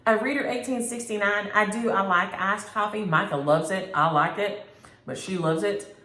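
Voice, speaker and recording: A woman's voice: medium pitch, moderate pace. Chatty woman, roomy room. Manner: chatty, animated storytelling with playful exaggeration. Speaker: cross-stitch vlogger. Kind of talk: casual chat reading viewer comments.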